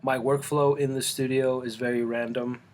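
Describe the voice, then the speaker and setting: A man in his forties, born in Colombia, chatting casually to camera in his home art studio, halting and full of restarts. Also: mid-range voice, little pitch movement, a little mellow. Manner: rambling, halting, with many restarts and fillers. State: eating, mouth full at times. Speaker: artist and channel host.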